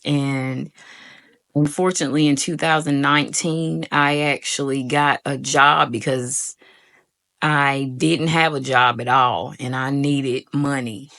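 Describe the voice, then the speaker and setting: A young woman speaks with a gravelly, creaky edge. She talks to the camera in an easygoing, casual vlog manner. She calls her viewers y'all and acts out her own quoted words as she tells the story. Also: sits low, a bit bright. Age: young adult. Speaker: vlogger.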